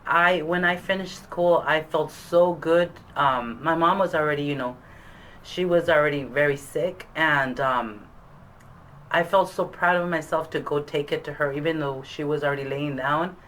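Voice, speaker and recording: A woman who graduated from adult school, talking in a casual interview, soft-spoken and hesitant with many fillers. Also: low voice, moderate pace, slight background noise, low-quality recording.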